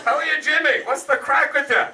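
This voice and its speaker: A man's voice: very high-pitched, fairly quick, bright, forceful tone, distant mic, pitched above the performer's own voice, exaggerated voice. A man voicing a cheery, swearing Irish post office clerk who greets customers with friendly banter. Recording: echoey club, mic heard from afar, noisy.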